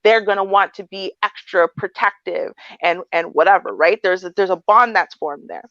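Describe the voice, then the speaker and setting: A woman co-hosting a casual livestream chat, telling stories with animated flair and acting out voices. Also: mid-range voice, moderate pace, dry recording, highs cut off. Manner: animated storytelling, acts out a sweet confused voice. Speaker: co-host.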